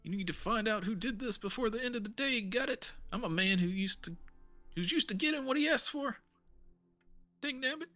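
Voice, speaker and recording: A self-important older frontier mayor, voiced by a woman, full of bluster and exaggerated folksy drawl. His voice is raised and bright, with music playing faintly behind. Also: fairly high pitch, lively intonation, brisk, pitched above the performer's own voice. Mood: blustery.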